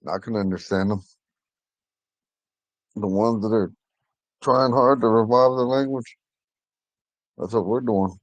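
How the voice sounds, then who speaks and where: A man teaching an online language class, talking in a relaxed, rambling way with many fillers. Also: on the low side, a little slow, pauses often, no echo, highs cut off. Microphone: phone.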